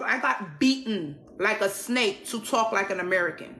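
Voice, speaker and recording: A woman's voice: mid-range voice, lively intonation, moderate pace, few pauses, fairly bright tone, reverberant. A woman telling her own life story in an emphatic, repetitive way, often restarting her sentences. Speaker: survivor sharing her story. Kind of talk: personal storytelling.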